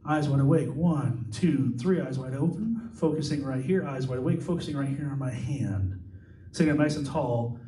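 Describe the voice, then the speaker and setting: A man from Iowa working as a stage hypnotist, giving calm, repetitive suggestions to volunteers in a live show. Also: medium pitch, normal speed. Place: large indoor hall, school party. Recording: echoey hall from far off with music.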